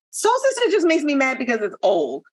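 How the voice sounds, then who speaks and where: A woman in casual chat, animated and laughing often, acting out quoted lines. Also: high voice, moderate pace.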